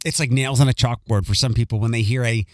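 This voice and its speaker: A male talk radio host with a light Philadelphia accent carries a loose, rambling monologue, full of ums and self-corrections. His voice sits at an ordinary middle pitch. It's recorded close and dry in a studio. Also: steady tone, fast, no room sound. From Philadelphia area. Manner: chatty, rambling, lots of ums and restarts.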